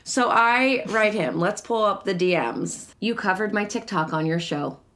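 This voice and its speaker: A woman's voice: medium pitch, unhurried, fairly bright tone. A woman co-hosting a podcast in casual chat, telling a story animatedly and acting out messages, swearing freely. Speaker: podcast co-host.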